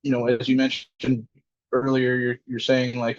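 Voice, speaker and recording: A man from Alberta, a podcast guest, telling his side in a steady, wry way. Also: medium pitch, normal speed, no room sound, muffled recording. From Alberta, Canada. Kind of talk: casual podcast conversation.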